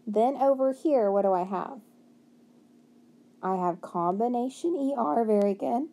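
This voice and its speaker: A woman's voice: a little high, lively intonation, a little slow, dark tone. A woman teaching a phonics lesson, stretching out word sounds and asking and answering her own questions.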